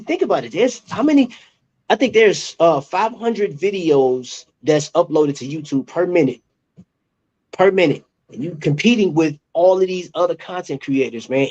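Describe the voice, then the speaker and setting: A man's voice: a little high, darkish tone, muffled recording. A man co-hosting a casual livestream talk, explaining a point and checking in with "right?". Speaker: livestream co-host.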